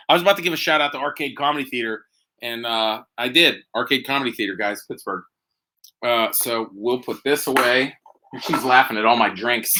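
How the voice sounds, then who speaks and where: A man hosting a casual live stream from home, rambling and excitable as he chats and drinks. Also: mid-range voice. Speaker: host. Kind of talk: casual livestream chat.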